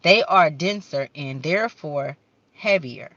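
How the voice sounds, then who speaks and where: A woman's voice: sits low, animated, measured pace, a bit bright, no echo, muffled recording. A woman doing a casual spiritual card-reading vlog, talking fervently in slang, swearing at times and stumbling as she reads the card text aloud. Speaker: card reader.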